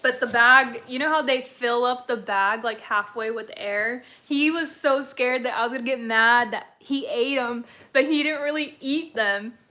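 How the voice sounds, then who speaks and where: Woman livestreamer, high voice, chatty, rambling, quick to laugh. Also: bright, forceful tone. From San Antonio, Texas, USA. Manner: chatty, rambling storyteller who laughs often. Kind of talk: casual chat with viewers.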